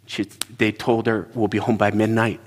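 A middle-aged man preaching, telling stories in a halting, earnest way and repeating words as he searches for them. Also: lowish voice, little pitch movement, slightly rough. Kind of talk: sermon storytelling. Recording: long reverb in a large hall.

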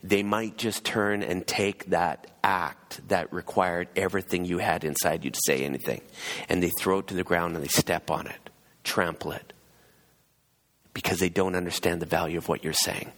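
A man's voice: sits low, steady tone, moderate pace, fairly bright tone. A man preaching a sermon, telling a personal story and acting out the voices of the people in it. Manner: storytelling, acts out quoted voices. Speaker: pastor. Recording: long hall reverb.

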